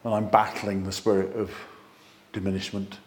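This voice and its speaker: A man preaching a sermon in an excitable, animated way, with self-deprecating humour. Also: on the low side, normal speed.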